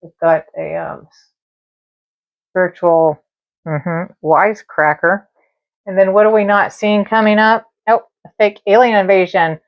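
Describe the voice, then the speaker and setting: A woman's voice: mid-range voice, steady tone, unhurried, lo-fi sound. Chatty woman hosting a live stream. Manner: chatty, talks straight to viewers and spirits. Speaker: live-stream tarot and spirit box host. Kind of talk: casual live-stream chat.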